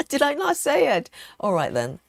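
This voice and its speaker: Female stitching streamer, unhurried and chatty, with a lilting, swooping voice and dry close sound; laughs a lot. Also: sits high, wildly swooping pitch, creaky, no echo. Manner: chatty, laughs often, thinks aloud. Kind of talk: live stitch-along chat.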